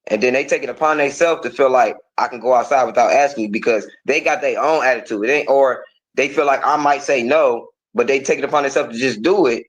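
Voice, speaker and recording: A man's voice: mid-range voice, fast talker, low-quality recording. Earnest man explaining himself. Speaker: interview guest. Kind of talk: interview conversation.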